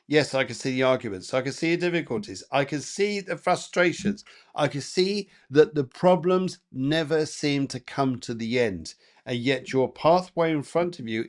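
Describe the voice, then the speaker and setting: A man working as a psychic medium, giving rambling, chatty live card readings with lots of fillers and repeated phrases. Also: medium pitch.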